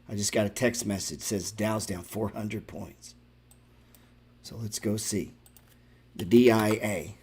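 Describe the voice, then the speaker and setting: A man hosts a stock trading show, offering loose, profane live market commentary and addressing his viewers directly. His voice is husky and fairly low, and his manner is excitable.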